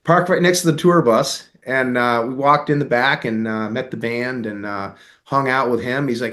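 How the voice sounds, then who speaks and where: A middle-aged American man, an interview guest, telling a long story in a relaxed, rambling way, with many fillers and quoted dialogue. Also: medium pitch, moderate pace, vocal fry.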